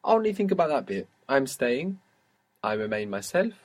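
A patient male teacher walks a student through a spoken language lesson at normal speed, his medium-pitched voice sing-song. He keeps the questions short, lets the student answer, and praises every response before the next step of this guided audio lesson.

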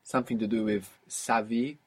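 Man, language teacher, husky voice, patient prompting questions, guided audio lesson. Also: on the low side, fairly even intonation, moderate pace.

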